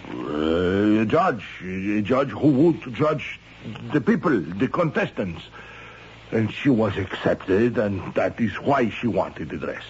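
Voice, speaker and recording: A shattered husband who blames himself, pleading and faltering for words. His voice sits low. The old radio recording sounds dull and slightly hissy. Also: big pitch swings, darkish tone. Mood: remembering. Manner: halting, pleading, searching for words. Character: broken, guilt-ridden husband of a murdered woman. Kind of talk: 1970s radio drama acting.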